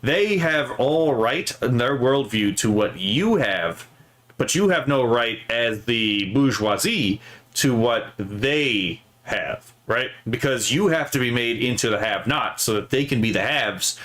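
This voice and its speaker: A man's voice: mid-range voice, lively intonation, measured pace, fairly bright tone. A man hosting casual political commentary, rambling and profane, checking in with "right?" after his points. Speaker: streamer host.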